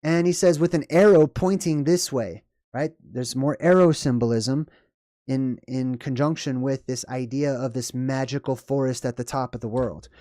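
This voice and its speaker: Male commentator, mellow tone, dry room, casual and rambling, keeps asking "right?". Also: mid-range voice, moderate pace, dry recording. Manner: rambling, frequent "right?" and "okay?" check-ins. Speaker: video commentator.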